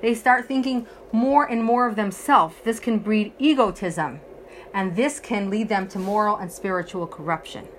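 A woman's voice: mid-range voice, moderate pace, slight background noise. A woman teaching a religious text lesson, earnestly explaining it phrase by phrase. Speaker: Torah teacher.

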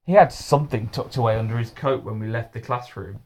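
A man's voice: medium pitch, fairly quick, a little mellow, slight background noise, close to an everyday voice. A man voicing a confident young schoolboy in a storybook reading. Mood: plain.

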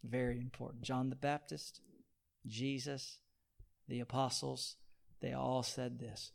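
A man preaching a sermon, asking his listeners for amens and swinging between hushed, near-whispered points and loud, pleading repetition. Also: mid-range voice, fairly even intonation, slow pace, vocal fry. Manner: call-and-response, asking the audience for amens.

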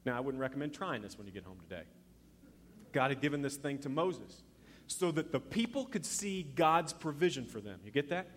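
A man preaching a sermon as pastor, telling the story in an animated way and acting out the voices he quotes. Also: mid-range voice, brisk, long reverb tail, slight background noise.

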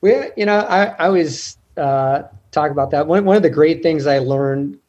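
A man being interviewed, full of stories, who slips into the voices of the strangers he describes. His voice sits high and sounds breathy and husky. The recording is dull and lo-fi. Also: normal speed. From United States. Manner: animated, retells encounters with quoted dialogue and laughs. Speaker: guest, ultrarunner. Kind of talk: storytelling in an interview.

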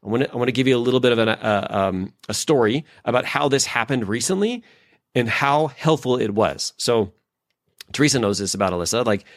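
A man co-hosting a relaxed podcast at a mid pitch, recorded close and dry with no room sound. He tells stories in a loose way, using plenty of filler words. He often slips into the voices of the people in his story. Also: a little fast, no echo. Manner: animated storyteller who acts out quoted lines; loose, filler-heavy phrasing. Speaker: podcast co-host and leadership expert. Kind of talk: casual podcast conversation.

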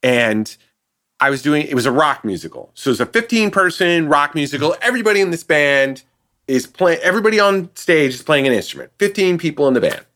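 A man tells a story on a casual podcast, his voice sitting fairly high and bright. His pitch swings widely as he acts out the people in the tale. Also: a little fast. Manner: animated anecdote-telling, acting out quoted people. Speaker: guest, theatrical sound designer.

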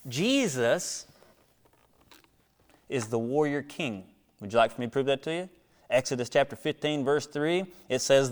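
A man preaching a sermon, swinging from hushed near-whispers to loud, high exhortations, with rhetorical questions and calls to the congregation. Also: lively intonation, unhurried, pauses often, smooth. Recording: long echo of a large hall.

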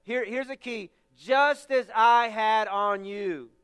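A man's voice: high-pitched, slow pace, fairly bright tone, smooth, in a large hall. A man preaching a sermon as pastor, stressing his points by repeating phrases.

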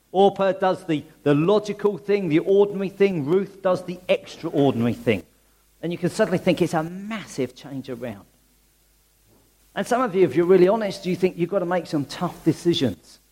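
A man preaching a conversational sermon in a church, full of rhetorical questions and quick restarts. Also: high voice, darkish tone.

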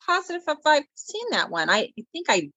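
A woman chatting casually, reacting quickly and asking questions. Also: sits high, big pitch swings, pushed and bright, no echo. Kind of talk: casual chat.

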